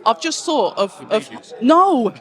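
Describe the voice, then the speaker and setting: A man's voice: extremely high pitch, very animated, fairly bright tone. A man hosting a casual interview and trading teasing banter with his guest. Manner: teasing, quick back-and-forth banter. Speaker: host.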